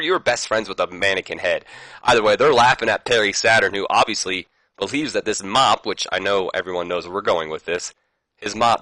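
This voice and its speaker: A man with a somewhat low but bright, forward voice, talking casually over a management game. He rambles and adds amused asides. The sound is dry and close. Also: dry recording. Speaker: gaming YouTuber. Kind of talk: casual gameplay commentary.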